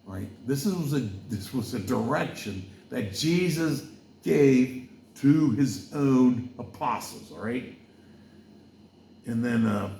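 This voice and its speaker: A man's voice: mid-range voice, animated, slow pace, dark tone, reverberant, a little hiss or hum. A man from Wales hosting a podcast, talking loosely and drifting from campaign plans into preaching, with lots of fillers and asides. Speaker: podcast host. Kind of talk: rambling casual monologue with preaching.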